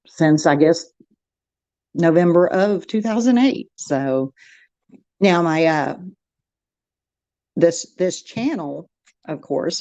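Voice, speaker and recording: A woman's voice: deep voice, darkish tone, dry recording, dull audio. A middle-aged woman with a Texan accent, hosting a casual craft livestream, chatting and reading the chat aloud with frequent laughs. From Texas. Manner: chatty, laughs often, rambling restarts.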